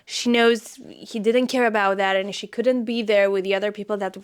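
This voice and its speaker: A woman's voice: mid-range voice, fairly even intonation, moderate pace, clear, resonant tone. A young woman talking casually about a sad book, reading passages aloud and getting tearful and exasperated. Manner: emotional, tearful, exclaiming. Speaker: book reviewer.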